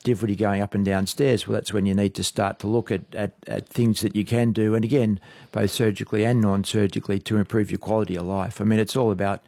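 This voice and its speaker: Male medical guest, low gravelly monotone, measured explanations, dry sound. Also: no echo. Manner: measured, explanatory, repeats words. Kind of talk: radio expert advice.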